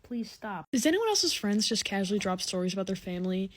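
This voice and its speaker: A woman's voice: medium pitch, very animated, a little fast. A young adult woman delivering rambling, exasperated comedic rants straight to camera, full of "like" and restarts. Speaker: comedy video creator.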